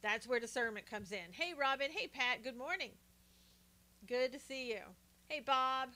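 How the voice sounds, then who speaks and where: An older woman talks through a casual political livestream, greeting viewers by name between points. Her voice sits high and carries a bright, forceful edge. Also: normal speed. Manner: chatty, greets viewers by name while talking. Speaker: live stream host.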